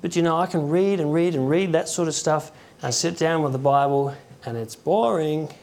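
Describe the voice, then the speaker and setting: Man, conversational preacher, halting delivery, acts out stories. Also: a little high, darkish tone. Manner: conversational, halting, with chuckles and acted quotes. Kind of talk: informal sermon.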